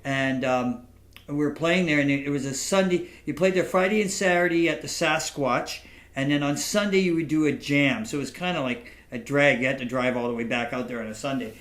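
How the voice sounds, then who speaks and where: A man hosting a podcast, talking in a halting, casual way with frequent restarts and laughter, telling stories to his guest. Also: mid-range voice, a bit bright, reverberant. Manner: halting, repeats words, laughs often. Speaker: podcast host. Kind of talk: casual interview chat and storytelling.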